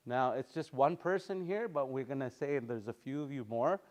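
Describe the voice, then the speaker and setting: A man's voice: mid-range voice, normal speed, darkish tone. A man teaching a language class, patiently repeating words for his students.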